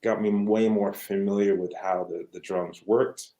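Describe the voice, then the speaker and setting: Animated storyteller man, lowish voice, echoey room. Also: normal speed. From Canada. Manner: animated, acts out quoted voices. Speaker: guest musician. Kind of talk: conversational storytelling.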